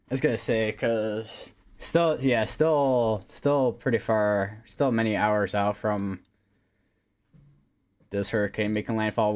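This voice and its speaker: Man, somewhat low voice, casual livestream weather host, halting, filler-heavy. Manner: rambling, hesitant, many fillers and restarts. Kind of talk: casual live weather commentary.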